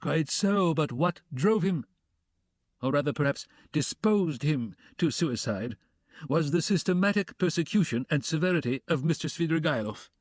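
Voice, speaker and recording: A man reading a pompous middle-aged gentleman. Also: a little high, animated, normal speed, no echo, clean studio sound, close to an everyday voice. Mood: formal. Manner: formal, precise, self-important. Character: stiff pompous middle-aged male suitor.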